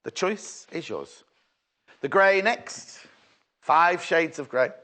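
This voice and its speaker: A man's voice: a little high, expressive, takes it slowly, sharp tone. A man presenting fabric on a live shopping channel, chatty and bubbly with rambling asides and a slightly sore throat. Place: TV studio.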